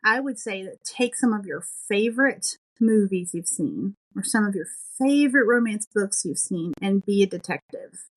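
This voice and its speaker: A woman's voice: medium pitch, animated, moderate pace, poor audio. A woman who writes romance novels, a podcast guest chatting in an enthusiastic, thoughtful and modest way. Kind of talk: casual interview chat.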